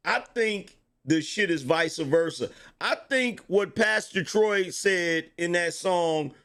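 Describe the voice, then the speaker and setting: Slow-talking animated man, high voice. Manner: animated, slangy, laughs a lot. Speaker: host reacting to clips. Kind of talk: reaction commentary.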